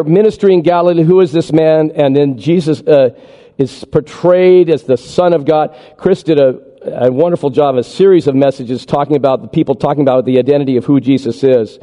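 A man preaching with animated energy, his voice a touch higher than most men's and soft and mellow in tone. He guides his congregation through a printed chart. The sound carries a long reverb, as in a large church hall. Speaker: pastor. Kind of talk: sermon.

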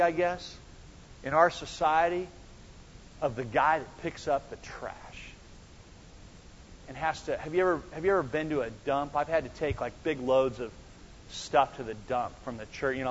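A man preaching a sermon as pastor, animated and swinging between quiet and loud, acting out the dialogue himself. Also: mid-range voice, a little hiss or hum. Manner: animated, acts out dialogue with big swings in loudness. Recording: dull sound with long church reverb.

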